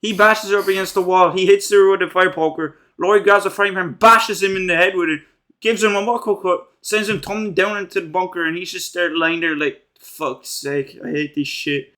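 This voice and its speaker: A young man rattling through a horror movie scene by scene, cracking crude, slangy jokes along the way. His voice runs high and bright, loose and conversational throughout. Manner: slangy, crude, joking asides. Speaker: movie recap commentator. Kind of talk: casual comedic movie commentary.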